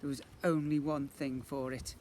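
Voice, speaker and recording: A man, a primary school teacher, reading a children's book aloud in an expressive way. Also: mid-range voice, normal speed, a little hiss or hum. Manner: animated, expressive storyteller.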